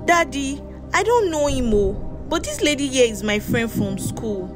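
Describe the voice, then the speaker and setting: A woman's voice: sits high, sing-song, normal speed. A woman playing a sweet spoiled daughter. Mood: coaxing. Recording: music playing behind.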